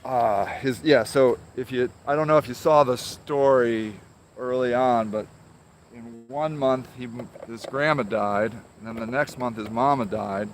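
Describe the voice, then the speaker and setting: A man hosting a casual talk to camera in a garden, speaking gently and haltingly with many ums. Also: medium pitch, slight background noise. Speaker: host. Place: outdoor garden.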